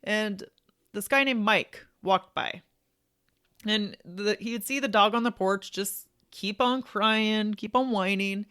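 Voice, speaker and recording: A woman's voice: medium pitch, takes it slowly, fairly bright tone, clean tone. A woman hosting a podcast, speaking in an encouraging, emphatic, colloquial way as she urges listeners to take action. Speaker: podcast host. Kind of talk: motivational podcast monologue.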